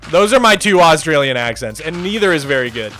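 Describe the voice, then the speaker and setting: A young man chatting casually on a live stream, answering viewers as their messages come in. His voice is bright and a touch high. Soft music plays in the background. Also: very animated, brisk. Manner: chatty, reads chat aloud, loose restarts. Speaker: streamer host. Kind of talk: casual livestream chat.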